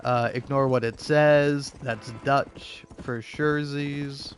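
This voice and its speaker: A man's voice: medium pitch, fairly even intonation, slow pace, slight background noise. A young man streaming a game, rambling in casual chat with lots of fillers and restarts, sarcastic and profane.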